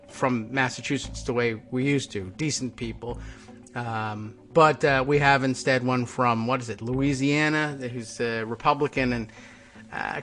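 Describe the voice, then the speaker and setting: Man, radio talk host, casual political monologue, wry and sarcastic, rambling with hesitations, medium pitch, faint music behind.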